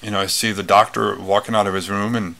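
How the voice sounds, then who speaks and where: A man's voice: lowish voice, level tone, fast, vocal fry, pushed and bright. A man telling a personal story in a casual talk, rambling with many fillers and restarts. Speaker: retreat speaker.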